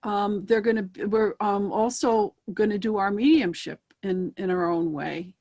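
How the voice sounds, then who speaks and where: A woman answering as a guest in a relaxed interview, picking her words slowly with frequent ums and restarts. Her voice sits at a middle pitch. She sounds reflective and careful. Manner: thoughtful, hesitant, many pauses and ums. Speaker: spiritualist medium, guest. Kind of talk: casual interview chat.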